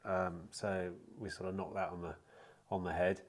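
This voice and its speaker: A man's voice: low-pitched, flat delivery, normal speed. A middle-aged man with a cold, sounding a bit chesty, chatting casually to camera in a rambling, matter-of-fact way with restarts and the odd swear word. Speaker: used car dealer vlogger. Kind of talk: casual vlog chat to camera.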